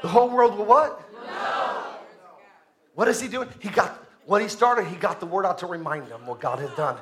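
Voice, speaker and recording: A man preaching a sermon in a very high, bright voice. He shouts out his declarations, then drops into quieter asides, and keeps calling on the congregation to repeat his words. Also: normal speed, a faint crowd. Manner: calls to the congregation for responses. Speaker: pastor.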